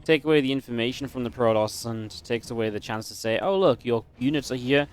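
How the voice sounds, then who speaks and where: A man's voice: medium pitch, brisk, clear, resonant tone. A man casting a strategy game match, chatty and analytical, breaking into easy laughs. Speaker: esports caster. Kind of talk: play-by-play game commentary.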